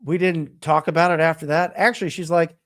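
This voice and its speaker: Middle-aged male coach, slightly high voice, animated emphatic motivational talk. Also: brisk. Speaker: real estate coach and show host.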